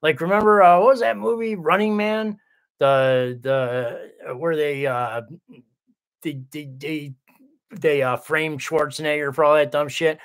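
A man's voice: fairly high pitch, steady tone, a little slow. A man hosting a casual livestream, reading viewer comments aloud and rambling with lots of swearing and restarts. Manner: rambling, profane, full of restarts.

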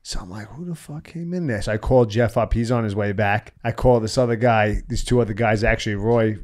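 A man's voice: on the low side, a little fast. Guy swearing nonstop, acts out the voices, storytelling on a podcast mic. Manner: animated, profane storyteller acting out quotes. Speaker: podcast guest. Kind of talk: casual storytelling chat.

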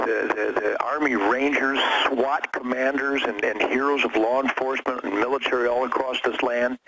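Fiery, emphatic man on a noisy line. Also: medium pitch. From United States. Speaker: radio show guest. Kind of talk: impassioned radio interview.

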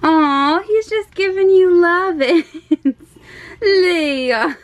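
An American young woman films her family at home, giggling a lot and cooing baby talk to her toddler son. Her voice is extremely high, with drawn-out words and long pauses between them.

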